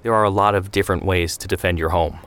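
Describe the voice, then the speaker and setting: Bookish practical brother read by a guy, low voice, lays out his argument. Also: steady tone, fast talker, a bit bright, clear, resonant tone. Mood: earnest.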